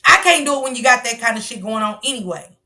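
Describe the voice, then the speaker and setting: Bright, blunt-talking woman host. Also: a little high, animated, fast talker. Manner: blunt, slangy, scolding. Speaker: stream host. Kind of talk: casual commentary on a news clip.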